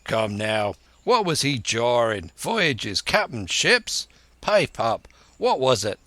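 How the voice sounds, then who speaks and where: A man's voice: mid-range voice, big pitch swings, takes it slowly, sharp tone, dry recording, heavily acted. A man voicing an older, crafty one-legged pirate cook who blusters in thick sea slang, for an audiobook. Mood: blustering.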